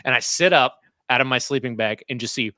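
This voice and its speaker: A man on a podcast telling an animated, profane story, laughing as he goes. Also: medium pitch, brisk, no echo. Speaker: podcast co-host. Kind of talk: casual storytelling chat.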